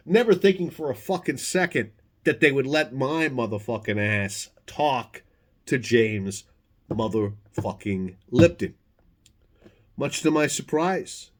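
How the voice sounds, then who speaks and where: Man, mid-pitch, loose storyteller, swears constantly, stumbles over restarts, animated delivery. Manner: profane, animated, self-interrupting. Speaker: storyteller, former podcast host. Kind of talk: casual spoken anecdote.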